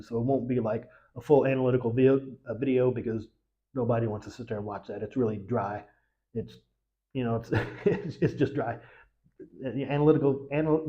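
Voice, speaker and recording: An American man whose first language is English hosts a casual livestream, his mid-range voice coming through with lo-fi sound. He rambles as he chats with viewers, full of fillers and restarts.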